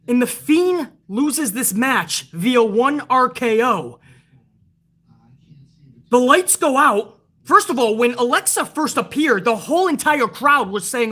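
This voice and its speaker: A woman hosting her own wrestling review show, ranting to viewers in a casual, heated way, swearing constantly and retelling events with rising excitement. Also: a little high. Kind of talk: casual profane review rant.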